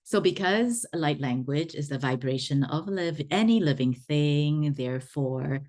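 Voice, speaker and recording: Unhurried woman, low voice, chatty teacher who repeats for emphasis. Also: darkish tone. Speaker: spiritual teacher. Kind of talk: explanatory online talk.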